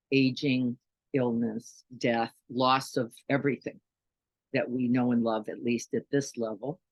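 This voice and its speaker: A woman's voice: very deep voice, dry recording, dull audio. A woman giving a conversational dharma talk as a meditation teacher, often checking in with listeners with questions and "right?". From Chicago, United States.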